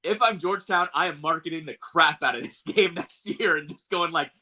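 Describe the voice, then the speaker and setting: A man co-hosting a sports talk podcast, emphatic and joking as he gets riled up. His voice is very bright and sharp and sits a little high for a man. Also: brisk. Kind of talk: casual sports chat.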